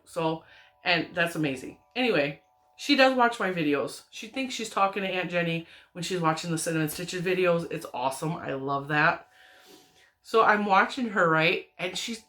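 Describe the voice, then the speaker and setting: A woman crochet vlogger, perhaps in her thirties, chatting at home in a rambling, giggly way as she tells family stories. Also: lowish voice. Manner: rambling, giggly, animated retelling with frequent laughs. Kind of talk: casual chatty storytelling.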